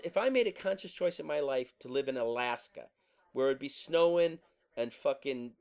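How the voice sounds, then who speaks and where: A man with a fairly high voice rants on his podcast in an exasperated, swear-filled monologue. He talks casually, as if venting to a friend. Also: a little mellow. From New Jersey. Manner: profane, exasperated ranting. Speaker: podcast host.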